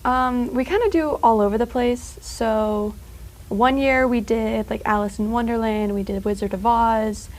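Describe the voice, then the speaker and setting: A woman's voice: on the high side, steady tone, poor audio. A teenage girl talking casually as a student guest, rambling with lots of fillers and small laughs. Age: teens. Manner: rambling, full of filler words and quick laughs. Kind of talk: casual chat.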